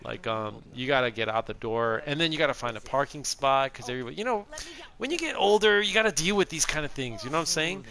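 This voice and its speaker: A man's voice: medium pitch, animated, fast, sharp tone. A middle-aged man streaming a video game, chatting in a rambling, casual way and laughing often. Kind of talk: casual gameplay chat.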